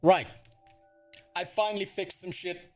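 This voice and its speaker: A man's voice: sits high, steady tone, measured pace, darkish tone, faint music behind. A man from Africa, livestreaming and ranting in casual, profane, exasperated talk. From South Africa.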